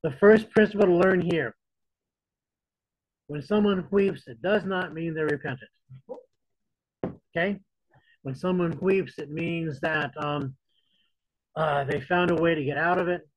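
Husky-voiced man preaching conversationally. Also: fairly high pitch, a little slow, long pauses, no echo, muffled recording. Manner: conversational preaching, paraphrases scripture in casual modern voice. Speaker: Bible teacher. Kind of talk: sermon.

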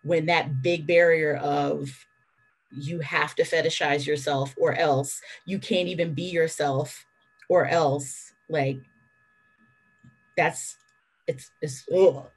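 A woman with a low-pitched voice speaks on a discussion panel. She tells her points as candid stories, moving along with brisk asides. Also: steady tone, slightly rough. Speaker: phone sex worker on a panel.

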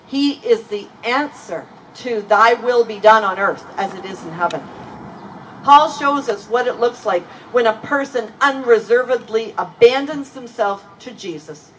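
A woman with a slightly high, lively voice preaches a sermon in a church as its pastor, earnest and emphatic, slowly and deliberately stressing key words. She sounds distant, with faint ambient noise around her.

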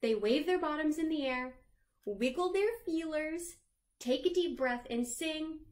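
Slow, gentle woman reading a children's story. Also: sits high, lively intonation. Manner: sings the chorus lines in a lilting voice. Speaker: librarian reading aloud. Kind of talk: children's read-aloud.

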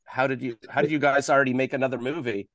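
A man's voice: medium pitch, fairly even intonation, quick pace, fairly bright tone, dry recording. A man hosting a casual, joking interview with a film cast over a video call. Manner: joking, playful banter.

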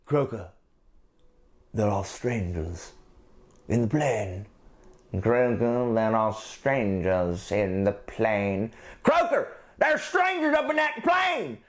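A man's voice: lowish voice, sing-song, slow, voice pushed down. A man voicing eerie, repetitive talking standing stones in silly put-on voices, some in a mock accent. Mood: slow deep.

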